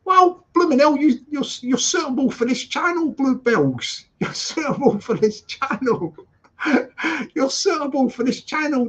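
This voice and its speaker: A man chatting casually on a live stream from his flat, repeating phrases and laughing a lot as he greets viewers. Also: extremely high pitch, dull audio. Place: flat with balcony door open.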